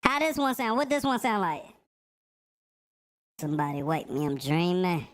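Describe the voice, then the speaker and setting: A man talking through a voice changer that makes him sound like a high, squeaky chipmunk, chatting casually. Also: very animated, moderate pace, fairly bright tone. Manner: casual streamer banter.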